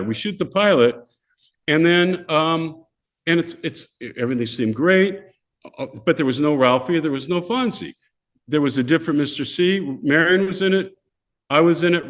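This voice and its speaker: Older male guest, animated anecdote teller who voices the characters, mid-high pitch. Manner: animated, acts out voices of people in his stories. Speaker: podcast guest. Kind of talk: casual storytelling.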